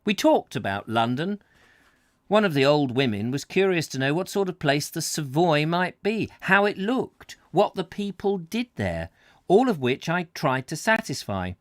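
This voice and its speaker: A man reading a travel book aloud on a live stream, telling it slowly and expressively. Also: on the high side, dry recording, studio quality. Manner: slow, expressive storytelling. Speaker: reader, host.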